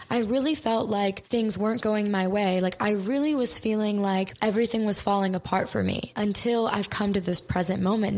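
A young adult woman hosting a podcast, telling a personal story in a candid, emotive, casual way with lots of "like.". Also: mid-range voice. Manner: candid and emotive, heavy use of "like". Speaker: podcast host.

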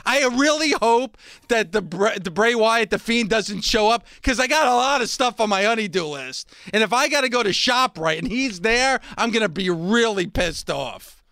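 A man hosting a wrestling show, pausing a clip to mock it in a sarcastic, laughing way. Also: high-pitched, expressive, bright, forceful tone, no room sound, clean studio sound. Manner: sarcastic, mocking, laughs often. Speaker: wrestling podcast host. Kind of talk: casual reaction commentary.

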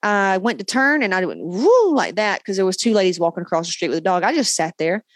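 A woman podcast host and coach giving a blunt, profane, animated motivational monologue. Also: medium pitch, fast, no room sound.

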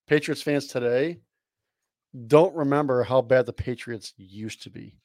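A man's voice: medium pitch, unhurried, a little mellow, dry recording, studio quality. A man co-hosting a podcast, blunt and laid-back, swearing freely in casual chat. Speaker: podcast co-host.

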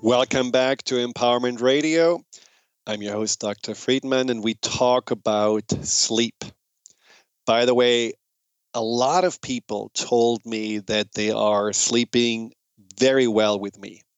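A man with a German accent talks as a radio host in an easy, conversational way. His voice is smooth and resonant, recorded dry and close with no room sound. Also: mid-range voice, slow, dry recording. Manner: relaxed, conversational, with fillers and restarts. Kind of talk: casual radio talk.

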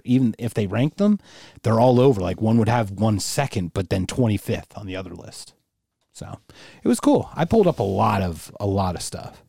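A man's voice: medium pitch, vocal fry, mellow, dry recording, clean studio sound. A man co-hosting a podcast, chatting casually with rambling, crude jokes. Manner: joking, rambling, crude humor. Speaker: podcast co-host. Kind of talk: casual chat.

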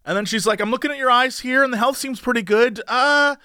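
A young man co-hosting a casual podcast, telling comic stories and doing quick impressions of the people he quotes. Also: extremely high pitch, bright, forceful tone, smooth, no echo, studio quality. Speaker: podcast co-host.

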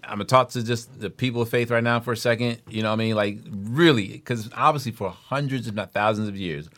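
A man's voice: lowish voice, a little fast, fairly bright tone. Chatty man hosting a podcast. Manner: chatty, joking, storytelling asides. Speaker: podcast host. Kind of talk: casual chat.

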